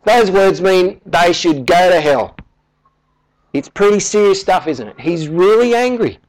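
A pastor preaches in an emphatic, animated way, his voice jumping higher as he presses a point. He is a middle-aged man whose voice sits a little high for a man. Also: a little slow, poor audio. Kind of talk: sermon.

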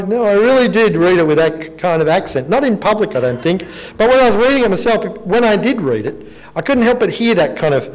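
A man with a fairly high speaking voice delivers a sermon. He keeps it conversational and pokes fun at himself, then slows into reading scripture aloud to the congregation. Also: poor audio. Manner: conversational and self-deprecating, reads scripture aloud. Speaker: preacher.

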